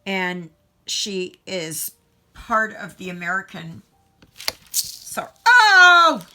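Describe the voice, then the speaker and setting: Middle-aged Canadian woman, crafting vlogger, rambling casual chat, unhurried delivery, lower-pitched voice. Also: steady tone, background noise. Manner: rambling, self-interrupting, chatty.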